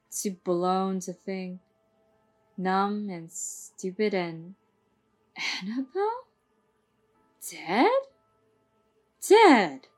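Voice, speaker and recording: A woman reads a novel aloud at an unhurried, drawn-out pace. She trips over words now and then and stops for wry remarks about the text. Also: mid-range voice. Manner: slow, wry, stumbling over words, comments mid-reading. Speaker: book reader. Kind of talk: casual read-aloud with asides.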